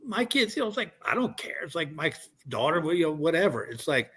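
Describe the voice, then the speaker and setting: A man's voice: a little high, sing-song, brisk, a bit bright, husky. Older man, rambling comic storyteller. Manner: rambling, restarts often. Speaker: guest comedian. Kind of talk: casual chat, storytelling.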